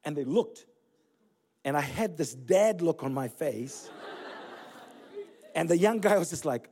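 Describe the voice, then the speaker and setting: A man in his forties, originally from Fiji, preaching a sermon as pastor with animated storytelling and self-deprecating humor. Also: fairly high pitch, a little slow, pauses often. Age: 40s. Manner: storytelling, animated, laughing at himself. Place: church.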